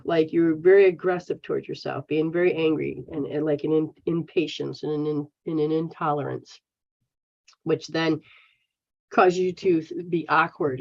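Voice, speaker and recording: A woman's voice: low-pitched, darkish tone. An American woman hosting a live stream as a spiritual healer, talking bluntly and casually and swearing freely as she answers viewers. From United States. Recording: dull lo-fi stream audio.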